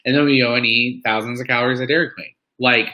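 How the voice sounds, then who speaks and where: A man's voice: medium pitch, steady tone, fast, bright, forceful tone, lo-fi sound. A man giving a casual, fired-up motivational talk to an online weight-loss group, full of "like" and "um". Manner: chatty, fired-up, preachy bursts, lots of "like" and "um". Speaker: weight-loss community member speaking on a live meeting.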